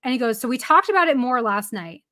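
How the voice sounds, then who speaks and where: A woman's voice: fairly high pitch, big pitch swings, fast talker, bright, forceful tone. A woman who is a baseball reporter, guesting on a podcast and telling a story casually with plenty of "like" fillers and some laughter.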